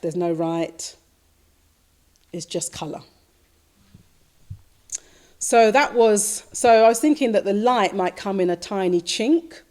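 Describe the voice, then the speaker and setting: A woman Buddhist teacher giving a dharma talk, slowly recounting a dream in a reflective, repetitive way with soft fillers. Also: fairly low pitch.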